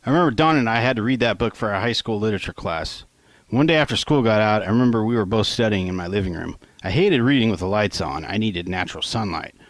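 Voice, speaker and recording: Low-voiced man casually reading his own novel. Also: expressive, quick pace, dry recording. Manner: casual, conversational, with offhand asides and swearing. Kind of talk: first-person audiobook narration.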